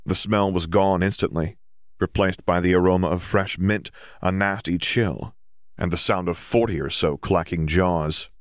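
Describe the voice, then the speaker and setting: A man narrating a story in a steady, even reading voice. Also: low-pitched, moderate pace, no echo, studio quality. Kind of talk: audiobook fiction reading.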